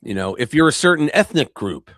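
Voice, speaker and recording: A man from the United States talking in a casual political livestream chat, animated and emphatic with coarse language. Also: on the high side, a little fast, dry recording, studio quality. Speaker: guest co-host.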